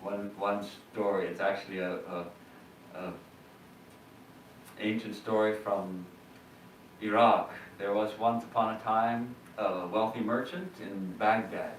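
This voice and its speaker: A man, a monk, giving a measured and reflective sermon with hesitations in a temple hall. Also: on the low side, fairly even intonation, a little hiss or hum. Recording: roomy hall, distant mic.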